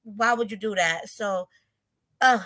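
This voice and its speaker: Chatty woman co-host, bright voice. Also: mid-range voice, unhurried. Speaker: podcast co-host. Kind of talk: casual chat.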